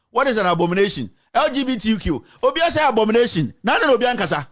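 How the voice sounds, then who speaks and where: A man's voice: extremely high pitch, sing-song, fast talker, few pauses, a bit bright. A man with a Ghanaian accent hosting a heated political talk radio show, switching between English and Twi. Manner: fiery, mixes English with Twi.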